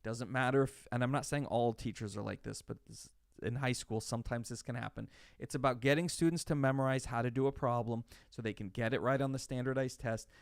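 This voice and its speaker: Chatty male math instructor, gravelly voice. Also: medium pitch, steady tone, a little fast, dry recording, clean studio sound. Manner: chatty, digressive, rhetorical questions. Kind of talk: live online lecture.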